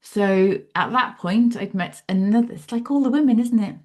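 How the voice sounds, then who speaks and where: A woman of medium pitch talks at a moderate pace. She's in her 40s, a psychologist and author appearing as a guest in an interview, telling her story with energy and acting out her earlier thoughts in lively asides.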